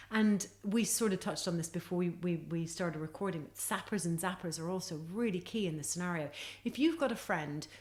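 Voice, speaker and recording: Earnest, lower-pitched motivational woman guest. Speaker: guest author. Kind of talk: podcast conversation.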